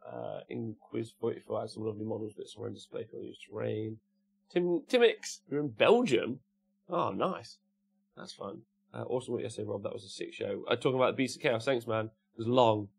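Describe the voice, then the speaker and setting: A man's voice: medium pitch, fairly quick, creaky, husky. A man with an English Midlands accent, hosting a casual livestream, reading out viewers' chat messages and answering them with jokes. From Cannock, England.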